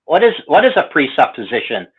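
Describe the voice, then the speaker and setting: Heated male co-host, higher-pitched, thin phone-line audio, gets worked up. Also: very animated, a little fast, slightly rough. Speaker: co-host of a live hangout show. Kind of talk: casual livestream chat.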